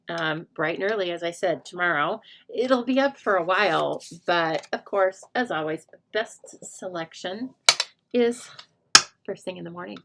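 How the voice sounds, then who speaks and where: Woman, middle-aged, crafting tutorial, lower-pitched, gravelly, chatty and jokey. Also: expressive, unhurried, fairly bright tone. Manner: chatty, jokey, thinking aloud while working. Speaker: stamping crafts demonstrator. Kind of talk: live crafting tutorial chat.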